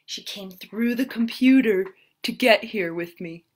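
A woman with a medium-pitched voice hosts a live-streamed story time for preschoolers, speaking at an unhurried pace. She uses a sing-song, exaggerated manner meant for small children, in the style of a children's entertainer.

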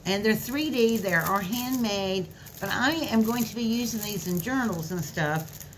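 In a laid-back haul video, a woman vlogger shows off her craft supplies with gushing, folksy chatter. She has a mid-range voice and a measured pace, and there's slight background noise from faintly crinkling plastic packaging.

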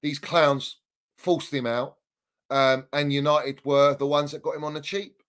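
A man's voice: fairly high pitch, flat delivery, measured pace, fairly bright tone. A man, a guest on a football podcast, ranting heatedly in casual debate. He swears freely and hammers his points home by repeating them. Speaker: Chelsea fan guest.

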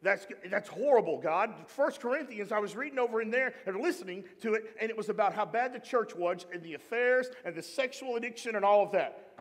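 Guy pastor preaching in church, kinda high voice, jokey, keeps asking the crowd for amens, big reverb. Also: brisk. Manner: humorous, animated preaching with call-and-response to the congregation. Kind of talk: sermon. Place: church sanctuary. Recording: long hall reverb in church.

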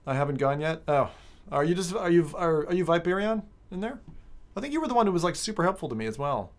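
A woman streaming a racing game, chatting casually with her viewers in an excitable, joking way, swearing often. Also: lowish voice, quick pace. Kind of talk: casual live-stream chat while gaming.

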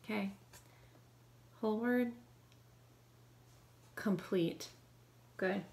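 A woman teacher leading a phonics lesson, calling out brisk drill prompts and giving quick praise. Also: medium pitch, creaky, a little mellow.

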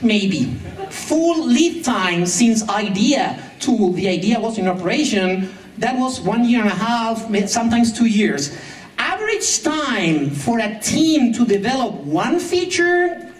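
A woman with a fairly high voice delivers a humorous conference talk, dry and sarcastic, often laughing at her own jokes. The sound carries the echo of a big hall, with her voice picked up from some way off the mic. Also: sing-song, measured pace. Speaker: conference speaker. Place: conference hall with translation booth. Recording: echoey hall, mic at a distance.

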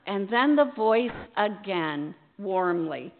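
A woman pastor giving a storytelling sermon in a church sanctuary, unhurried, acting out her own hesitant, self-deprecating lines. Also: medium pitch, lively intonation, vocal fry, a little hiss or hum. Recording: echoey church over a tinny line.

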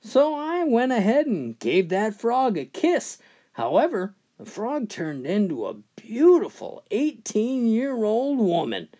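A man narrating a funny joke story in an animated storytelling manner. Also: sits high, slow. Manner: animated, swooping storyteller delivery. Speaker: joke teller.

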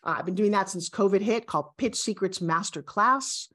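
A woman in her sixties appears as a guest in a motivational interview, speaking emphatically, animatedly and with self-assurance. Her voice is mid-range and her pace moderate.

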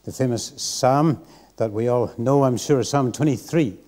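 A man's voice: mid-range voice, unhurried, warm tone. A man preaching a sermon in church, earnest and reflective. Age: 60s.

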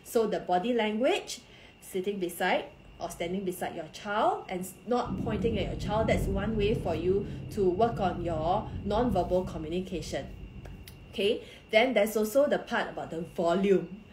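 A woman with a mid-range voice talks parents through advice in a calm, explanatory way. She speaks straight to her live-stream viewers, and the room around her rings with echo. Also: mid-range voice, moderate pace, noisy background. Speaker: parenting coach. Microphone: phone or computer for a social media live stream. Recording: echoey room.

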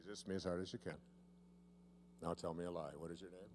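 In a seminar room with a live audience, a man jokingly needles a volunteer while leading a demonstration, stretching certain words out. His voice sits low, fairly even and darkish, and the volunteer's handheld mic adds a bit of hiss or hum.

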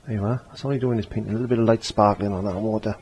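A man's voice: on the low side, steady tone, very fast, darkish tone, slight background noise. A man giving a chatty step-by-step painting tutorial, repeating phrases as he works. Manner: chatty, repeats himself while working. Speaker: painting teacher.

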